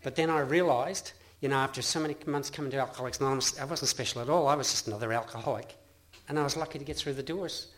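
Telling his personal story at a meeting, a middle-aged Australian man rambles earnestly, frequently restarting sentences and laughing. His ordinary mid-pitched voice races along with few pauses and a slightly bright quality.

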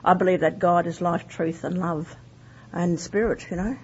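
A woman's voice: fairly low pitch, steady tone, normal speed, slightly rough. A woman sharing her recovery story in a candid, rambling way, full of fillers. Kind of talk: personal testimony. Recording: dull lo-fi recording with faint noise.

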